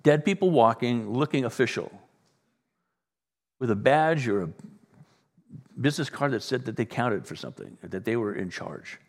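A man preaching a sermon as pastor, animated, playing out the voices of the people he talks about. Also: mid-range voice, moderate pace, long pauses. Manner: animated, acts out voices of others. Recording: long reverb in a large room.

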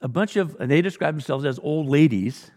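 A man's voice: fairly high pitch, expressive, brisk, a little mellow, long reverb tail. A man preaching a sermon as pastor, blunt and exhorting, full of rhetorical questions and direct challenges to his listeners.

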